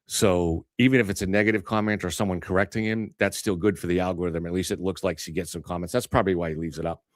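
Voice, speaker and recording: Deep voiced guy running a live stream, dry close sound, measured, repeats himself starting out. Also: little pitch movement, no room sound. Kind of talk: casual chat.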